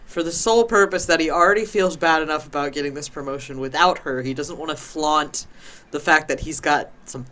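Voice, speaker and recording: Bright-voiced man at a game table. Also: a little high, brisk. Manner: casual, explaining his character. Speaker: player.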